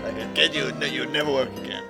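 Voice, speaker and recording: A man plays a brash movie producer who barks orders and brushes people off. The voice is loud and a little gravelly, with faint music behind it. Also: mid-range voice, fairly even intonation, fast talker, close to an everyday voice. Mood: blustering. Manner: loud, blustering, dismissive.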